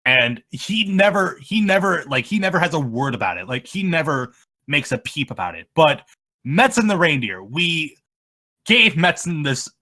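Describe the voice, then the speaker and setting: A man being interviewed about his machinima videos, talking in a rambling, halting way that trails off mid-sentence. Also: on the high side, big pitch swings, bright, forceful tone. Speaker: machinima creator, interview guest. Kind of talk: casual interview chat.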